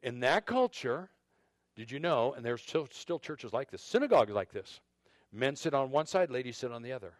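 Speaking at a moderate pace in a medium-pitched, sing-song voice, this pastor delivers a conversational sermon. He frequently repeats words and starts sentences over, turning between the men and the women.

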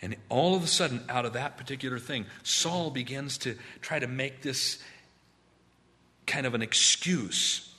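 A pastor delivering a sermon with a bright, forceful tone and a medium pitch. He leans on slow, drawn-out phrases and repeats words for emphasis. The voice is carried from a church service.

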